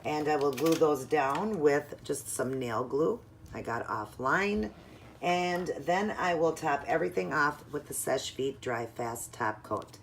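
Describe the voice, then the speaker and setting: A woman's voice: sits low, unhurried, slight background noise. A woman narrating a casual, step-by-step nail art tutorial at home in a chatty, instructive way.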